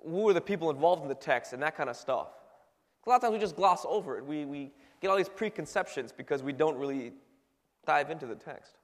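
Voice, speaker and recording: A youthful-sounding man preaches in a loose, chatty way, stumbling over restarts and peppering his talk with fillers. His voice sits a bit high for a man. The sound rings with a long hall reverb. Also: animated, a little fast. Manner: conversational, many fillers and restarts. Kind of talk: casual sermon.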